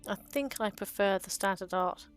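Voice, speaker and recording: A woman chatting her way through a card game's artwork in a relaxed, meandering commentary. She often pauses on ums and lets small laughs slip in as she shares her fondness for the cards. Her voice sits at an ordinary pitch for a woman, with faint music playing behind her. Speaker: card game video host. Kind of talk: casual commentary on card art.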